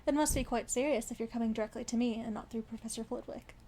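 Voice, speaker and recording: A woman voicing an old male wizard headmaster, calm, mild and unhurried, in a fan fiction reading. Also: a little high, lightly acted.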